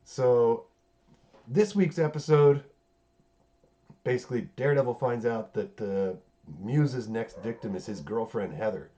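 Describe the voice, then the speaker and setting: A man's voice: medium pitch, unhurried, long pauses, warm tone. A man hosting a podcast in a loose, rambling chat, full of swearing and fillers. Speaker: podcast host recapping a TV series. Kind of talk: casual chat. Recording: dull lo-fi sound.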